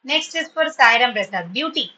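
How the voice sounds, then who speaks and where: A woman teacher with a bright, ringing tone pitched a little high. She is patient and encouraging, with frequent words of praise, and slips into when she explains something to her students. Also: expressive, moderate pace, low-quality recording. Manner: switches into Tamil when explaining. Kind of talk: online spoken English class.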